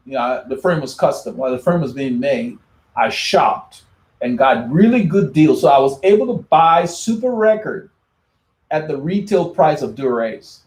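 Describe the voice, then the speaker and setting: A man's voice: medium pitch, a little mellow, echoey room. A man hosting a cycling channel, chatting casually as he answers viewer comments, often repeating and restarting his words.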